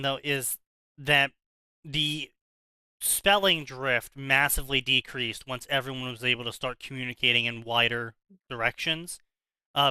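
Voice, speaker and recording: A man talks in a loose, opinionated ramble, restarting his sentences as he goes. His voice is very bright and crisp, and it sits a little high. The sound is close and dry. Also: no room sound, rough recording. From South Jersey, USA. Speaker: podcast co-host. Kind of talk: casual chat.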